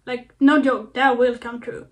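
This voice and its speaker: A woman's voice: fairly high pitch, flat delivery, measured pace. A young woman vlogger talking casually to camera, earnest and playful, repeating herself with lots of fillers. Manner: earnest, repetitive, playful self-talk with fillers. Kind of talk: casual self-help talk to camera.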